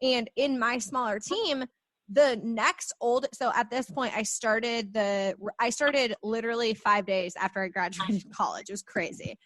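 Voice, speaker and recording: Young woman podcast host, high and bubbly, close dry sound, animated storyteller. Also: a little slow, dry recording. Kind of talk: casual podcast chat.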